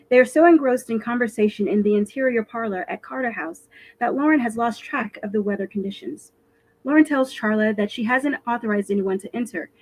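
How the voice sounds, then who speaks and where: Reading her own fiction aloud for a virtual live stream, a woman author uses an expressive, animated storytelling voice. Her pitch is on the high side, and the recording is rough.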